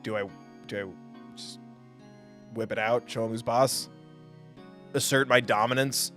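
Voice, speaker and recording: A man voicing a smitten young male defense attorney in a low, mumbling, mock-romantic way. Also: steady tone, a little slow, fairly bright tone, faint music behind, close to an everyday voice. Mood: longing.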